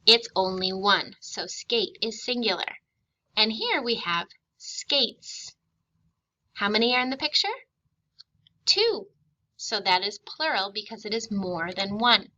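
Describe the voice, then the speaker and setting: A woman teacher giving a recorded spelling and grammar lesson, reading words and sentences slowly and clearly, patient and encouraging. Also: medium pitch, bright, forceful tone, muffled recording. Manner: slow, clearly enunciated dictation, patient and encouraging.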